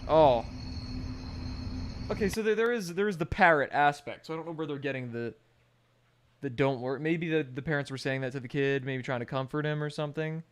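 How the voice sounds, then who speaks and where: A male streamer with a slightly high voice reacts live in a casual, rambling way. He swears freely and jokes as he talks things through. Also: brisk, clear, resonant tone. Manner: rambling, profane, joking.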